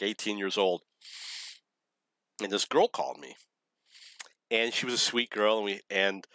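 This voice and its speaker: Middle-aged man, lowish bright voice, dry close sound, blunt rambling storyteller. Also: dry recording. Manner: blunt, opinionated, laughs at his own stories. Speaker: vlogger telling dating stories.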